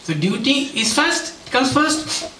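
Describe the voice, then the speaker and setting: Elderly guru, kindly scolding and emphatic, as a man quotes him. Pitched up, roomy distant sound. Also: unhurried, slight background noise, exaggerated voice. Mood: admonishing. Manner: raised, emphatic, lively delivery. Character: elderly male guru, gently scolding and teaching. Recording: roomy hall, mic at a distance.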